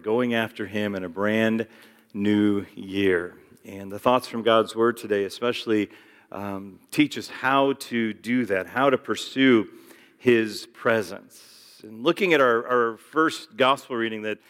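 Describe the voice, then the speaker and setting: A man's voice: on the low side, in a large hall. A male pastor giving a casual sermon with joking asides and frequent fillers, in a church sanctuary.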